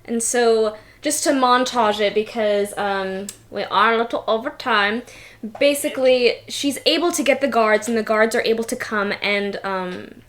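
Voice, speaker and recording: A woman running a tabletop game, narrating casually with plenty of fillers. Her voice is fairly high and she talks at an easy, slow pace. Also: fairly bright tone. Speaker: game master.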